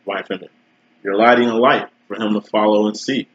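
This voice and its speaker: A man with a fairly low voice reads tarot cards in a loose, slangy, swearing, conversational way. His voice sounds roomy and dull, like a lo-fi home recording. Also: fairly even intonation, fast. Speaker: tarot reader. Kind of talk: casual tarot reading.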